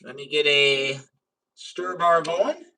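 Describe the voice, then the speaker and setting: A man hosting a casual livestream of chemistry experiments. He chats with viewers and cheers loudly when a result goes his way. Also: on the high side, slow, vocal fry, slight background noise, low-quality recording. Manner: chatty and excitable, talks to viewers, cheers at results. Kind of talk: casual live science demo.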